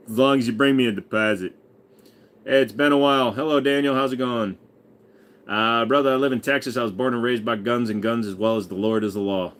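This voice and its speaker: A man's voice: mid-range voice, brisk, fairly bright tone. A man in his forties hosting a casual livestream, crudely joking and reading viewer messages aloud. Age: 40s. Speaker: livestream host.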